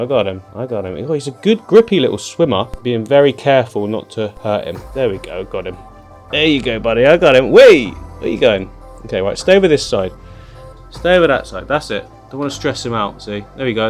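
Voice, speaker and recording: A chatty man hosting a home vlog, cooing at his pet and now and then putting on little voices for it. His pitch sits in a middle range. Faint music plays underneath. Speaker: aquarium channel host. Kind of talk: casual vlog chat to camera.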